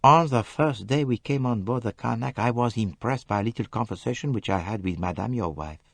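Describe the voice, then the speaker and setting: A man reading an audiobook, voicing a fastidious older detective who speaks earnestly and formally. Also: mid-range voice, creaky, no room sound, voice pushed up. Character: fastidious older male detective, calm and probing. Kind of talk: audiobook character voice.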